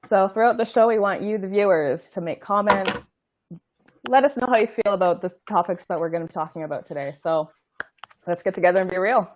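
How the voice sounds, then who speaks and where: A woman's voice: mid-range voice, fairly quick, noisy background. A woman co-hosting a casual chat show, chatty and upbeat, introducing topics for viewers. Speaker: podcast co-host. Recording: muffled lo-fi audio.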